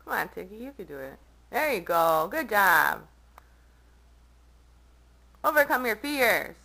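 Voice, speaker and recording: A woman filming her cats at home, teasing them and scolding them loudly. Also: on the low side, very animated, normal speed, vocal fry, low-quality recording. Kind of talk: casual home video chat. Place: home, indoors.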